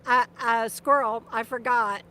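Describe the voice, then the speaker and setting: A woman's voice: on the high side, steady tone, a little slow, bright, forceful tone. An older woman vlogger chatting casually on a live stream, rambling and restarting her sentences, laughing often and turning aside to talk to her dog. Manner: speaks to her dog between remarks. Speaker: vlogger and author.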